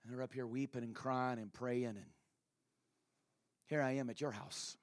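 A man preaching a sermon voices Jesus as a quiet, patient man gently rebuking his host. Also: mid-range voice, steady tone, moderate pace, no echo, pitched below the performer's own voice, close to an everyday voice. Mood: gentle rebuke. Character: calm, gently reproachful Jesus, adult male.

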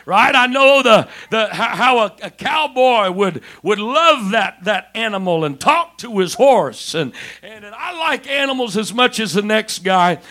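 High-voiced, slow, emphatic preacher man. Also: animated. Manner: emphatic preaching, rising to shouts, many restarts; slow deliberate stress on key words. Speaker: pastor. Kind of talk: sermon.

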